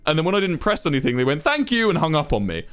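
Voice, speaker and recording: A young man with a high-pitched voice tells his livestream chat a long story, sounding exasperated and worked up. He acts out the other people in the story as he goes, and the whole thing stays loose and conversational. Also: very fast, clean tone. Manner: exasperated, animated retelling of a hassle. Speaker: streamer.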